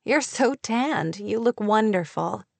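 An embarrassed young woman teacher, worn down by small-town gossip, as a woman narrator reads her. She speaks softly in a plain everyday voice. The recording is close and dry. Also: mid-range voice, lively intonation, slow, creaky, dry recording, full character voice. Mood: warm.

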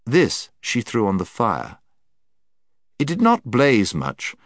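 A man narrating a storybook in a steady, measured way. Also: sits low, no echo. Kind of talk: audiobook narration. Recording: dry close recording.

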